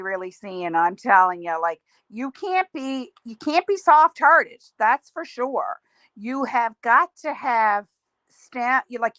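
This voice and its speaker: A woman's voice: medium pitch, a bit bright, no room sound. A middle-aged woman hosting a casual livestream, chatting in a rambling way and answering viewer comments. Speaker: livestream host.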